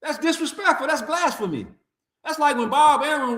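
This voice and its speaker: A man's voice: extremely high pitch, big pitch swings, moderate pace, pushed and bright, reverberant. A man, delivering a profane, mocking, heated boxing rant. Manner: trash-talking, mocking, heated. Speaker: boxing commentator.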